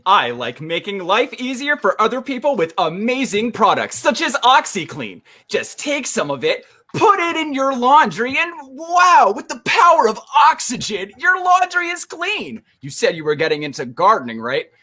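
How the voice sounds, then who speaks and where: A man playing a manic infomercial pitchman in a comedy sketch, switching between shouting and hushed hard-sell. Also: huge pitch swings, moderate pace, hardly any pauses, full character voice. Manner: hard-sell, swings loud and soft, whoops.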